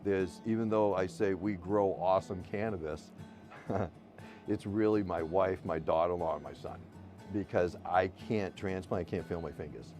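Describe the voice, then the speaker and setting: Blunt, rambling man over loud music. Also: deep voice, steady tone, normal speed. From United States. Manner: rambling, blunt and profane, with restarts and laughs. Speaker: medical cannabis caregiver and patient. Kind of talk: candid personal storytelling in an interview.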